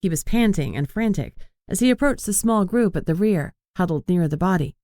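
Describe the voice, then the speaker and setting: A man reading an audiobook in an even, measured narration. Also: sits high, no echo, studio quality. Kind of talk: scripted narration.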